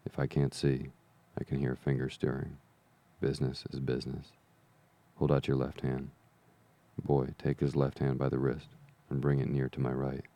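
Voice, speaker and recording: A man voicing a cruel blind old beggar who talks in a slow sing-song whine and turns cold and sneering. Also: rumbling low, monotone, dark tone. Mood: menacing. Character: cruel blind old male beggar, wheedling then menacing.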